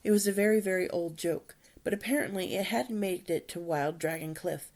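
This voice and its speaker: A woman presenting a book talk, retelling the story in an expressive, dramatic read-aloud manner with sudden whispers. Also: lowish voice, moderate pace.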